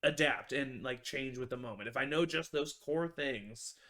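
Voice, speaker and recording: A man's voice: mid-range voice, normal speed, a crowd in the background. A man, a tabletop game master, chatting casually on a video call, rambling with many fillers and restarts.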